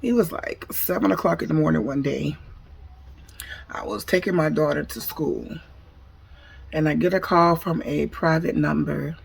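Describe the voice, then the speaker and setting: A woman's voice: low voice, moderate pace, creaky, long pauses, breathy edge. A woman telling a personal story in a casual, slangy way, speaking straight to her viewers. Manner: slangy, addresses the viewers directly.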